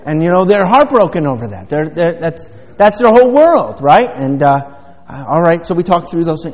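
A man's voice: on the high side, very animated, normal speed, hardly any pauses, darkish tone. A middle-aged man preaching a sermon as a pastor, in a rambling, folksy way with many fillers. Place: church sanctuary. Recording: dull sound with long hall reverb.

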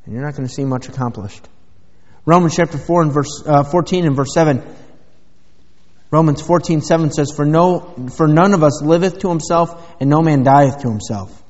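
A man's voice: fairly high pitch, normal speed, darkish tone. A man pastor preaching a sermon, emphatic and driving his points home with rhetorical questions. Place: church sanctuary. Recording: dull lo-fi sound with long church reverb.

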